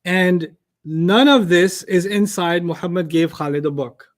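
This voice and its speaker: A man teaching an Arabic lesson to a class, explaining word order with lively made-up examples and questions to the students. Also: sits high, unhurried. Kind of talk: classroom lecture.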